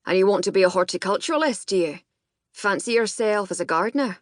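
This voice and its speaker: A woman reading an audiobook, voicing a gruff, disapproving older Scottish man who runs a garden crew, with a Scottish accent. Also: medium pitch, expressive, quick pace, no room sound, clean studio sound, natural voice. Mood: brusque questioning. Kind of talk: audiobook character voice.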